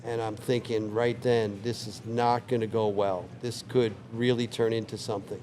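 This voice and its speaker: A man's voice: lowish voice, moderate pace, slight background noise. Older man spinning a vivid bar tale. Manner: relaxed, vivid anecdote teller who acts out quoted lines. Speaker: bar owner telling a story. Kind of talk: casual storytelling interview. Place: indoors on a couch in a bar.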